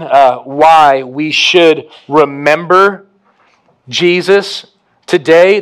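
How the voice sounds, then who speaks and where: Slow-preaching man with a higher voice. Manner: preaching, emphatic rises and hushed drops. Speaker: pastor. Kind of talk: sermon.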